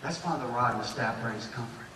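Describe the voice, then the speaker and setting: A man preaching a sermon as pastor, rising to emphatic bursts and slowing down to draw out scripture verses. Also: mid-range voice, background noise. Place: church sanctuary. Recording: echoey church hall, distant mic.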